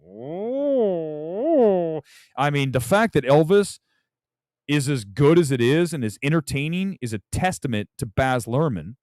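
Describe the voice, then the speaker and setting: A man hosting a casual movie talk livestream, loud, profane and rambling. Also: medium pitch, animated, moderate pace, no room sound, studio quality. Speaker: movie talk show host.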